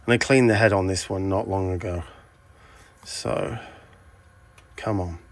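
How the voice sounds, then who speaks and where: A man's voice: low voice, steady tone, unhurried. A man from England with an English accent, a video transfer shop owner talking bluntly and chattily in a casual vlog from his shop at night. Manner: blunt, chatty, ranting asides.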